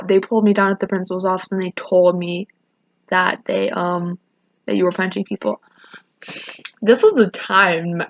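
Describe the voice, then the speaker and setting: A teenage girl rambles through a casual storytime rant on her vlog, often restarting and acting out what people said in raised voices. Her mid-range voice carries vocal fry, and the recording is muffled.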